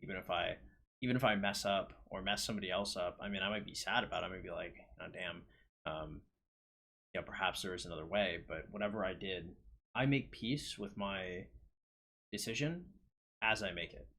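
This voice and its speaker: A man talking alone in a reflective monologue, hesitant, with many pauses and restarts. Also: low-pitched, pushed and bright. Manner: hesitant, lots of ums and restarts. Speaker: solo talker reading his own poem.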